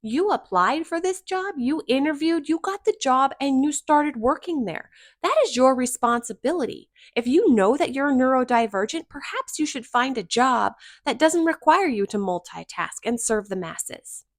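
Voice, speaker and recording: A woman's voice: high-pitched, lively intonation, moderate pace, no echo. Woman host, middle-aged, blunt and sarcastic reaction commentary, dry close sound.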